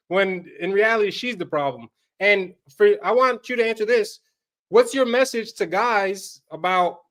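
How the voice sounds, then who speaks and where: Male podcast co-host, high pitch, blunt and crude, laughs through his lines. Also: fairly bright tone. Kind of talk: casual podcast chat.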